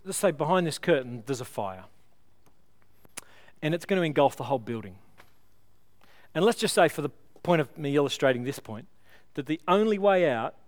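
A man preaching a sermon at a church service, earnest and pleading, leading the congregation in prayer. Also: mid-range voice. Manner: earnest, pleading, builds with illustrations then slows to prayer. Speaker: pastor.

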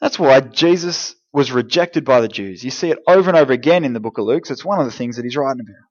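A man giving a lively, jokey youth group talk, speaking straight to teenagers. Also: mid-range voice, fast, muffled recording. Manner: energetic, jokey, direct address to teens. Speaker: youth pastor.

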